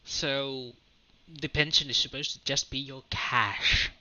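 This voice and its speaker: A man acting as game master, narrating a tabletop science-fiction game with jokes and quick self-corrections. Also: medium pitch, fairly even intonation, pushed and bright, no room sound, dull audio. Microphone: home mic on an online call.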